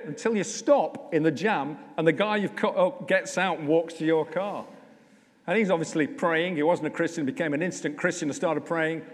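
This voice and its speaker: A man preaching as vicar, his voice a little high and full of rising and falling pitch. He talks to the congregation in a chatty, humorous way, slowing down to drive points home. The sound rings in a church hall. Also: animated. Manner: conversational, humorous, slows down for emphasis. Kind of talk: sermon. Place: church, indoors.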